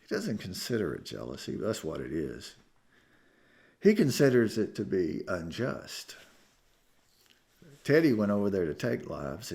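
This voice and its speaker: A man preaching a sermon, telling a story with emotion and swinging from hushed tones to loud climaxes. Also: deep voice, vocal fry. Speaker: pastor. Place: church sanctuary.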